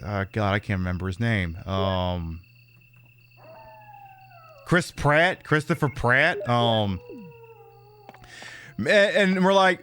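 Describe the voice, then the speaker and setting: A man's voice: mid-range voice, expressive, slow, pauses often, fairly bright tone, slight background noise. A man casually chatting through a livestream of a horror game, rambling and reacting to chat with lots of fillers and repeated words. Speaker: streamer playing a horror game.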